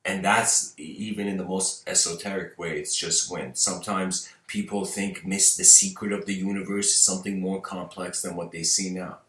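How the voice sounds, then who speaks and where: Low-voiced, rambling spiritual teacher. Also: male voice, steady tone, normal speed, hardly any pauses, a bit bright. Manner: rambling, many restarts and "you know"s. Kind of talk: casual talk answering viewer questions. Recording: roomy, distant mic.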